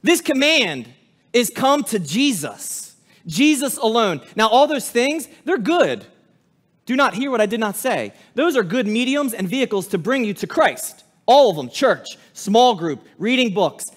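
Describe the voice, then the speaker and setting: A pastor preaching a sermon with passion, rising loud on appeals and dropping low and quiet on solemn lines. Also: male voice, big pitch swings, a little slow. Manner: impassioned preaching with sudden drops to a hush.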